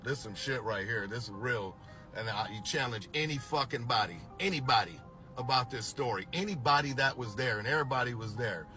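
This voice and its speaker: A middle-aged man telling a story from his past in casual talk, animated and swearing constantly. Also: medium pitch, brisk, faint music behind. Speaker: storyteller recounting a past tour.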